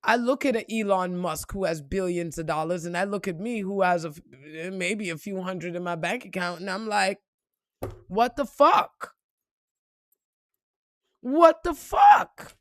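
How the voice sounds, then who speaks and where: A woman giving a blunt, profane motivational monologue, repeating phrases and swinging between loud outbursts and low, reflective tones. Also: moderate pace, hardly any pauses, dry recording, studio quality. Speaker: spiritual reader and motivational vlogger.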